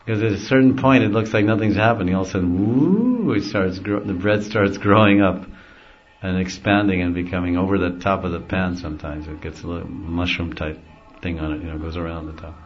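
Man, deep voice, spiritual teacher, devotional talk, relaxed with frequent chuckles, dull lo-fi sound. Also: fairly quick. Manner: easygoing, chuckles often while explaining. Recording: dull lo-fi recording.

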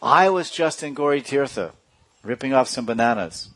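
A man voicing a cheeky male monkey who excitedly tells tales as a witness. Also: mid-range voice, moderate pace. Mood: tattling. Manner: excited, tattling.

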